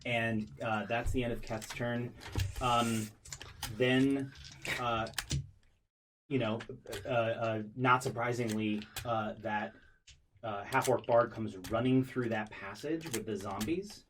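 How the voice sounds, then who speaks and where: A man narrating as game master of a tabletop game, halting, with many ums and restarts. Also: mid-range voice, steady tone, noisy background.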